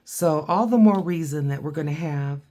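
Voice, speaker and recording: A woman giving a relaxed watercolor tutorial, chatting and thinking aloud as she paints. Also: deep voice, normal speed. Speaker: art teacher.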